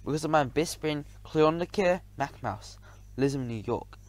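A man voicing a gruff, bossy old male mouse grandfather who booms his orders, in an audiobook. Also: expressive, moderate pace, lightly acted. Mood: boastful. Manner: booming, commanding. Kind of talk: audiobook character voice.

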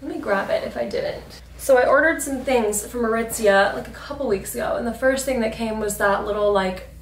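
A young woman in her twenties chatting casually and upbeat in a lifestyle vlog, full of fillers. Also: a little high. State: out of breath. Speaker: lifestyle vlogger. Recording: echoey, distant from the mic, with background noise.

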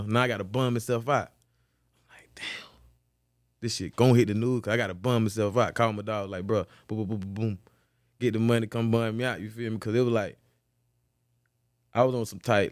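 Man, casual storytelling, profane, animated, dry close mic. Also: no echo. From Florida. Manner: profane, animated storytelling, repeats "boom" as a beat. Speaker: guest, former football player.

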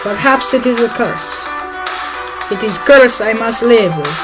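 A woman's voice: a little high, expressive. A woman putting on a gloomy Russia with a put-on Russian accent. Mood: brooding. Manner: slow, grave, formal speech without contractions. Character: brooding personified Russia, male country, fatalistic. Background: loud background music.

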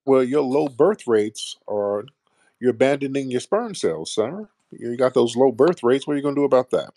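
A man's voice: mid-range voice, expressive, normal speed, mellow, dry recording, studio quality. A man hosting a call-in show, sarcastic and combative, trading insults with callers and calling them sir.

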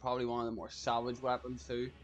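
A man giving excitable live gameplay commentary, laughing often and swearing casually. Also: medium pitch, quick pace, muffled recording. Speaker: gaming YouTuber.

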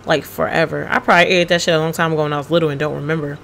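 Brief: woman game streamer, bright edgy tone, blunt and profane, chats with viewers while she plays. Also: deep voice, flat delivery, rapid-fire, gravelly, slight background noise. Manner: reads chat messages aloud and answers them. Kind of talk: casual gaming livestream chat.

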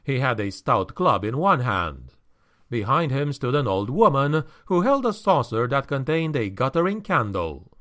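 A man reading a fantasy audiobook in a measured, expressive storytelling manner. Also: medium pitch. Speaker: audiobook narrator. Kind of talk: scripted fantasy audiobook narration.

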